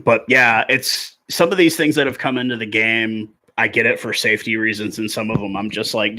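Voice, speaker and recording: 40s guy rambling thru a rugby game on stream, lowish voice, punchy bright tone. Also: fairly even intonation, moderate pace, few pauses. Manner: rambling, conversational, filler-heavy. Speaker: rugby live-stream host. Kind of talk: casual live match chat and commentary.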